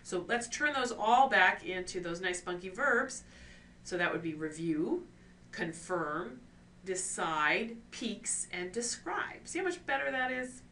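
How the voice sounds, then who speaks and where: A woman teaching an online course on scientific writing, explaining clearly and posing rhetorical questions to her students. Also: medium pitch, sing-song, unhurried, bright, forceful tone. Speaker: course instructor. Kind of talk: recorded lecture on scientific writing. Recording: distant mic with faint ambient noise.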